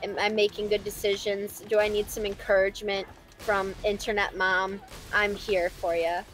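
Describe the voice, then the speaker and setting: A woman's voice: medium pitch, flat delivery, normal speed, faint music behind, poor audio. A woman co-hosting a live stream, reading chat questions aloud in a playful, giggly, rambling way with lots of fillers, from a home studio.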